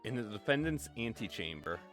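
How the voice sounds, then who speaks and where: A man's voice: lowish voice, big pitch swings, a bit bright, faint music behind. A man hosting a game stream, chatting casually and teasing his friends. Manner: playful, teasing, quick to laugh. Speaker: streamer host. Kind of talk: casual chat while gaming.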